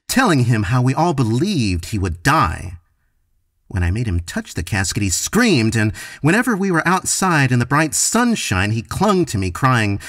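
A man giving a slow, expressive dramatic reading of a short story into a close mic. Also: medium pitch, no echo. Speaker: story reader. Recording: dry close recording.

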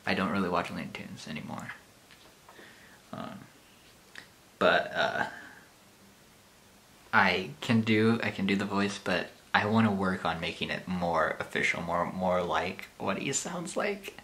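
A male channel host with a low, pushed, bright voice talks in a casual vlog style, animated yet nervous. He keeps a measured pace, pausing often, hesitating, using many fillers, and laughing at himself.

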